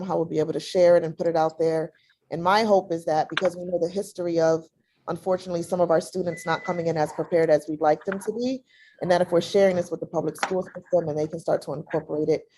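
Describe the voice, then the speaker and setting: Gravelly, low-voiced woman chairing a meeting. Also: mellow. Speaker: board committee chair. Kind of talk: board meeting remarks.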